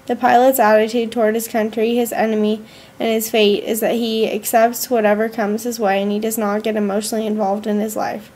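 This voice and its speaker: A woman, a student, reading her school journal aloud in an earnest, measured way with slow pauses. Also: on the high side, flat delivery, a little mellow.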